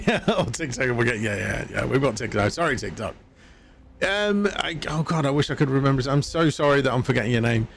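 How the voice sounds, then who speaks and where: Man, game streamer, casual rambling chat, self-mocking laughs, average pitch, slight background noise. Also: sing-song, brisk, creaky, fairly bright tone. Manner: rambling, chatty, laughs at himself. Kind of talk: casual live-stream chat while gaming.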